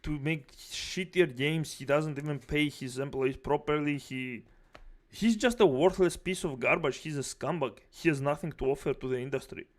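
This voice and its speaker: Brief: male streamer, fairly high voice, foul-mouthed angry reaction commentary. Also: normal speed. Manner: angry, profane ranting.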